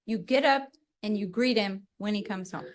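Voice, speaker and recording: A middle-aged woman co-hosting a podcast in casual chat, animated, acting out little quoted voices. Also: mid-range voice, normal speed. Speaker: podcast co-host.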